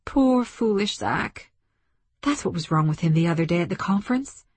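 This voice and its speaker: A woman narrator voicing a tense, determined young woman's thoughts in a higher, urgent voice. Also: animated, quick pace, slightly rough, dry recording. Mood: weary.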